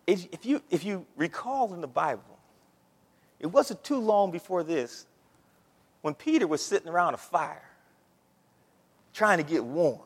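A male preacher delivers a sermon in a high, lively voice that swings widely in pitch. He talks straight to the congregation in a loose, conversational way. His voice rings out with a long echo through the church hall. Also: measured pace, long pauses, husky. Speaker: pastor.

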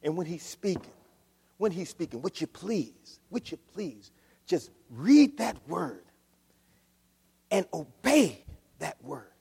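A man preaching a sermon as pastor, swinging from quiet asides to loud shouts. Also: fairly high pitch, big pitch swings, slow, vocal fry, pauses often, breathy edge. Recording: long hall reverb.

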